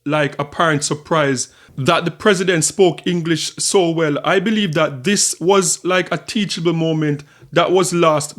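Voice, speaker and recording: A man hosting his own channel, talking through his thoughts in casual commentary and often repeating and restarting phrases. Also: a little high. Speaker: channel host.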